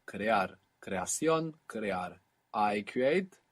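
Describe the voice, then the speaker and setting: A man teaching a recorded language lesson, explaining patiently and repeating word forms slowly. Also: fairly low pitch, expressive. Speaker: language teacher on audio course.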